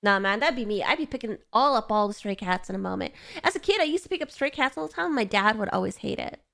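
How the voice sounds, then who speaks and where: This gaming streamer has an animated, fairly bright voice with vocal fry, and she talks quickly. Reading a story game aloud and talking to her viewers, she gushes emotionally and squeals in a high pitch when moved.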